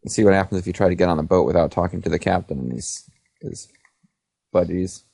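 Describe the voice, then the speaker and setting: A man's voice: deep voice, fast talker, gravelly, warm tone, husky, dry recording. A man co-hosting a game playthrough, joking and explaining the mechanics in casual commentary. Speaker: let's play co-host.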